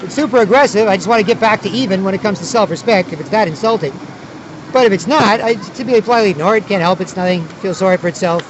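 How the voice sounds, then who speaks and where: A man's voice: high voice, rapid-fire, highs cut off, noisy background. A man vlogging outdoors at a city square, talking in a rambling, repetitive way with many restarts. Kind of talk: casual outdoor monologue.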